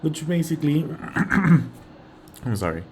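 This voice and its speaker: Slow, patient Mexican-accented male teacher. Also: a little high, very animated, slight background noise. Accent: Mexican Spanish. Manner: patient, repeats each word, says okay often. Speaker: Spanish teacher. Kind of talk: slow vocabulary lesson.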